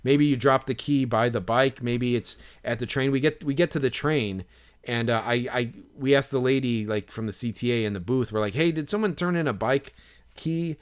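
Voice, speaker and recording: A man co-hosting a podcast, telling a long story in casual chat and acting out the quotes with rising excitement. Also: medium pitch, normal speed, smooth. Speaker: podcast co-host.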